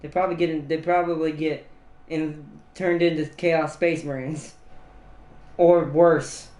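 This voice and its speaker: A man's voice: on the high side, little pitch movement, unhurried, darkish tone, reverberant. A man streaming casual chat who rambles and laughs often at his own jokes.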